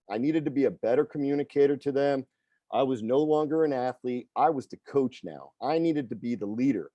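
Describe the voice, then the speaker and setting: A slightly high, warm male voice, recorded dry, belongs to a middle-aged fitness coach telling a personal story. He talks conversationally, often closing lines with "right?" or "okay?".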